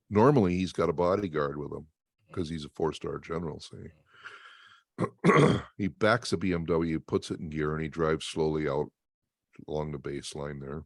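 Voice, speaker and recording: A man telling stories in an interview, emphatic and animated, laughing often. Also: low-pitched, no room sound, studio quality. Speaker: interview guest and motivational speaker. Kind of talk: storytelling in an interview.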